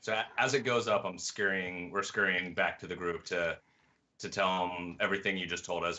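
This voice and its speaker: A man's voice: deep voice, steady tone, moderate pace, bright, forceful tone. A man playing a tabletop game, describing his character's actions casually and jokingly. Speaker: player.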